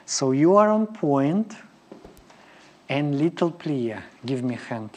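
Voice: medium pitch, sing-song, slow, a little mellow. Ballet teacher, scatting counts. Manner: counts and scats rhythms, choppy non-native English. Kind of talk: live ballet class instruction. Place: ballet studio. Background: piano music.

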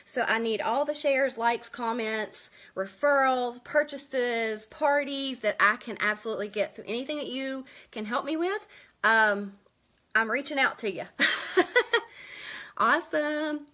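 A woman from West Virginia hosting a casual live makeup tutorial from home, chatty and quick, greeting viewers by name. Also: fairly high pitch, bright, forceful tone. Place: at home indoors.

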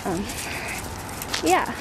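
A teenage girl chatting casually in a vlog while out walking her dog, a little out of breath, with many ums. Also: extremely slow. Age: teens. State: out of breath after a run. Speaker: vlogger. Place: outdoors on a neighborhood walk. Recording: outdoor noise behind the voice.

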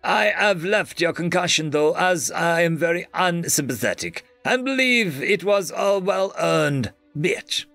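A man's voice: fairly high pitch, lively intonation, unhurried, gravelly, hardly any pauses, sharp tone, no room sound, soft background music, pitched above the performer's own voice, heavily acted. A man doing a sardonic wizard. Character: dry sardonic male wizard.

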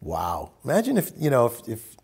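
A middle-aged man leads a group discussion in a mid-pitched voice. He tells stories with plenty of animation, and his pitch leaps up and drops low as he makes his points. The tone is reflective and spiritual. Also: moderate pace, gravelly, breathy edge. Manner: animated storytelling, with sharp swings in pitch.

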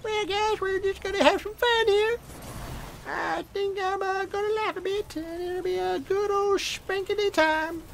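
A man's voice: very high voice, fairly even intonation, a little slow, gravelly, fairly bright tone, a little hiss or hum, voice pushed up, exaggerated voice, poor audio. A man voicing a goofy baby, talking in a silly sing-song way during a game stream. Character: goofy babyish adult male gamer.

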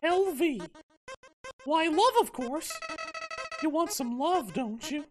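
A man's voice: extremely high pitch, animated, slow pace, full character voice. A man voicing a friendly-sounding flower that turns menacing, with game music behind. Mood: sugary. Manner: sweet then snarling, laughing shout. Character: creepy flower turning menacing.

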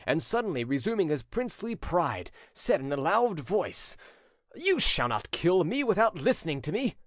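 A man narrating a classic crime story as an audiobook in a dramatic, expressive reading. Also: a little high, dry recording, clean studio sound. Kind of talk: scripted narration.

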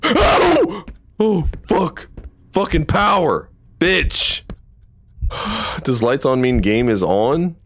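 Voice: medium pitch, sing-song, slow. Profane streamer reacting to a horror game. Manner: swearing, jumpy reactions, thinking aloud. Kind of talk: live gameplay commentary.

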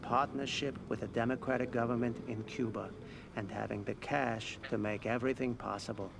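An actor playing a shrewd, aging male mob financier who speaks calmly and persuasively in a video game cutscene. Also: medium pitch, normal speed, creaky, close to an everyday voice. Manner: calm, persuasive. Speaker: mob boss. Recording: game audio with noisy background.

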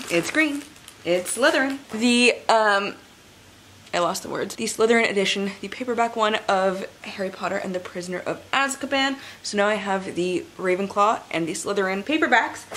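A woman's voice: medium pitch, a bit bright, slight background noise. A young woman vlogging at home about books, chatty and casually swearing, cooing at her pets. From Canada. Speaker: book vlogger. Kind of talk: casual vlog chat. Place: at home indoors. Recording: roomy echo.

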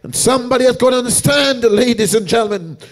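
A male evangelist preaching a revival sermon in a church, calling out to the congregation again and again and building from hushed passages to shouted, half-sung peaks. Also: very high-pitched, quick pace. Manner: rhythmic preaching with repeated call-outs to the congregation; swings from hushed storytelling to shouted, sung-out climaxes.

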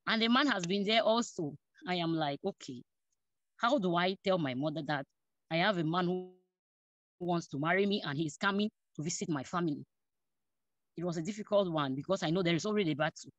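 A woman's voice: fairly low pitch, fairly quick, dry recording. A woman gives a personal testimony to her church. She tells the story with energy, acting out the voices of family members and laughing between phrases. The recording is dull and lo-fi, with a dry, close sound. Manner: animated, acts out dialogue, laughs between phrases.

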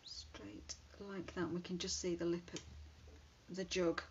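A woman with a fairly low pitch and steady tone speaks slowly, chatting casually and thinking aloud while she demonstrates card making. The recording sounds dull and lo-fi, with a faint hiss.

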